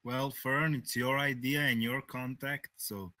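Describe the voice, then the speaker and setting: Casting note: bright, hesitant player in a tabletop game, dry close sound. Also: male voice, mid-range voice, steady tone, no echo. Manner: hesitant, halting.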